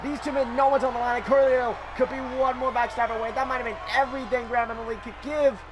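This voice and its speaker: A man hosting a channel and giving excited play-by-play commentary of a wrestling video game, often shouting. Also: very high-pitched, fast. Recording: game crowd noise behind. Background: game crowd noise.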